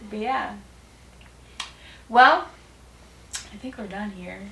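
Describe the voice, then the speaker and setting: Telling a story to her partner in casual chat, this woman laughs frequently and leans on fillers as a vlog co-host. Her medium-pitched voice is gravelly with a sharp tone and a slow pace, heard in roomy echo.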